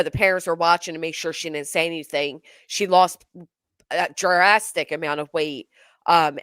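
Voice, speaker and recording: A woman's voice: sits low, a bit bright, clear, resonant tone, dry recording. A woman hosting a casual true-crime chat, outspoken and indignant as she reacts. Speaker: true-crime commentary host.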